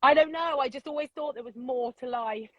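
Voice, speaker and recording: A middle-aged woman, a loud and unapologetic storyteller chatting as an interview guest from her vintage bus. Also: high voice, brisk, dry recording, highs cut off. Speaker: podcast guest. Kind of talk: casual interview chat.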